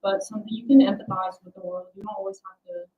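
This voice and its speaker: A woman's voice: mid-range voice, steady tone, fast talker, narrow, tinny audio. A young adult woman hosting a casual livestream, rambling and self-deprecating as she chats with her viewers. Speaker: livestream host.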